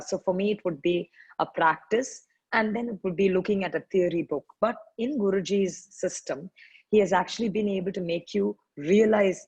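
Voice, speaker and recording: A middle-aged woman with an Indian English accent explains yoga practice to new students over a video call. Her voice is low, slightly husky and cracking, and she keeps clearing her throat. The sound is dry, with little room around it. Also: a little mellow, no echo, poor audio. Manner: earnest, explanatory, frequent self-corrections. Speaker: yoga teacher. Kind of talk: orientation talk for new students.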